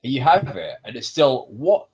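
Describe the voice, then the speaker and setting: A man's voice: fairly low pitch, slow pace, highs cut off. A man at a tabletop game, describing part of the setting while thinking aloud. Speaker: player and world builder. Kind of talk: casual tabletop chat.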